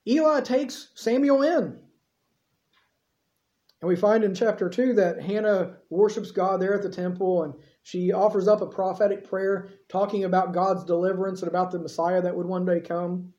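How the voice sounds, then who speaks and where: A preacher delivering a sermon in an easy, conversational storytelling manner, with offhand asides. The voice is mellow and dark. It echoes through a church and sounds a little dull. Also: mid-range voice, normal speed.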